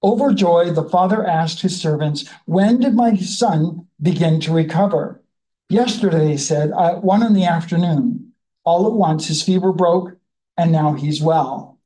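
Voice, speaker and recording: A Bible study leader in a conversational teaching style, reading scripture slowly and then musing about it in a chatty way. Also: mid-range voice, mellow, low-quality recording.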